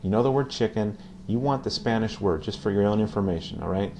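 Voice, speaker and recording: A man's voice: fairly low pitch, fast, dark tone, a little hiss or hum. A man teaching a casual video lesson on Spanish phrases, patiently repeating each phrase and checking in with "okay?".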